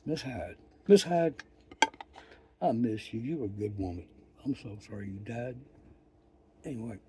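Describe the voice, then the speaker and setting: An older man telling a rambling story in a profane, folksy, wry way, with pauses and restarts. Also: on the low side, mellow, slight background noise. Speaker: vlogger. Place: outdoors.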